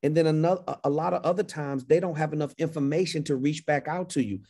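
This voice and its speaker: A man's voice: fairly high pitch, fairly even intonation, fast, warm tone. A man coaching a caller on a livestream Q&A, confident and emphatic, often repeating phrases. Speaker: speaking business coach.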